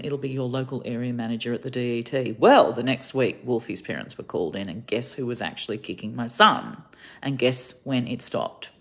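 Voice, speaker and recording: An Australian woman giving an indignant, rambling monologue to camera, telling her story with heavy emphasis. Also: a bass voice. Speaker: activist vlogger.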